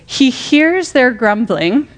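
A middle-aged woman teaches from scripture in a relaxed, talky way, her voice sitting high and swinging widely in pitch. She keeps asking her listeners rhetorical questions and leans into the drama when she reads out a quote. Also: slow pace. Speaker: Bible teacher. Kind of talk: conversational Bible teaching.

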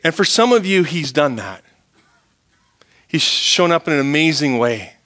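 A middle-aged male pastor preaching a sermon in an earnest way, swinging between fervent pleading and quiet reflection. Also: a little high, expressive, measured pace.

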